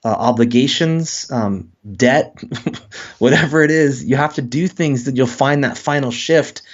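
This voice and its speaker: A man's voice: mid-range voice, muffled recording. A man, a guest author, speaking in a casual interview and acting out quoted voices as he talks. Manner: animated, acts out quoted voices.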